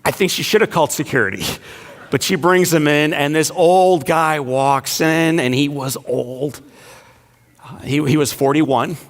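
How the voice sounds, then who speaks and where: A man delivering an inspirational speech to a large breakfast crowd in a banquet hall, telling a personal story with playful asides and hushed, emotional moments. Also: fairly high pitch, measured pace. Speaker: inspirational speaker.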